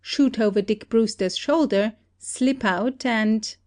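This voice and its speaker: A woman as a calm, shrewd country detective. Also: a little high. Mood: calm accusation. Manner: steady, deliberate accusing. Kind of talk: amateur audiobook play reading.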